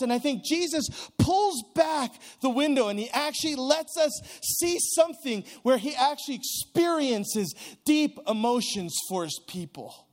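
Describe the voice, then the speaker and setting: A man preaching a sermon in an earnest, conversational way, slowing down to stress key words. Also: very high voice, animated. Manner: earnest, conversational, with restarts and drawn-out emphasis.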